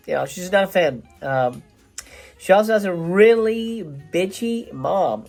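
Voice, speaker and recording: A man's voice: high-pitched, animated, unhurried, darkish tone, faint music behind. A man hosting a casual film review show, talking in a chatty, rambling way with lots of fillers and restarts.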